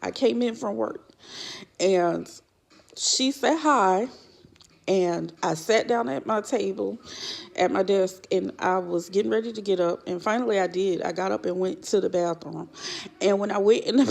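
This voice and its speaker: A woman's voice: mid-range voice, creaky, a little mellow. A middle-aged woman vlogger telling viewers a story in casual chat, laughing often as she tells it, exasperated.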